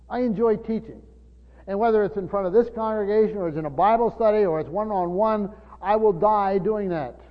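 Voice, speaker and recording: Preaching fairly quickly in a high voice, an older pastor teaches his sermon with earnest intent. Frequent restarts and repeated words run throughout. The church reverb is long, and the sound is dull and lo-fi.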